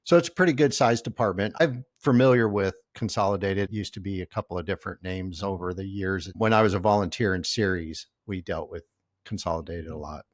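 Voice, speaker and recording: Low-voiced man hosting a casual interview. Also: fairly quick, no room sound, studio quality. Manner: friendly, curious, conversational. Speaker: podcast host, firefighter.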